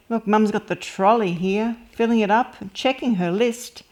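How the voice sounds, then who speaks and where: Woman, children's story reader, unhurried pace, gentle expressive read-aloud. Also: mid-range voice. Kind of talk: reading a picture book aloud to kids.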